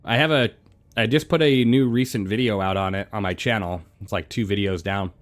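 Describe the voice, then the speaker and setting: Male game streamer, low voice, laid-back and chatty, talks around a throat lozenge. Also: fairly quick. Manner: relaxed, chatty, answers chat between flying. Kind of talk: casual live-stream chat.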